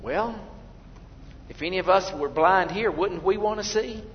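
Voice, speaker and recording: A male pastor with a high voice delivers a sermon at an unhurried pace, swinging from loud cries to near-whispers. The sound is dull and lo-fi, with a long hall reverb and a faint low rumble behind him. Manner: dramatic shifts between loud exclamation and hushed quotes.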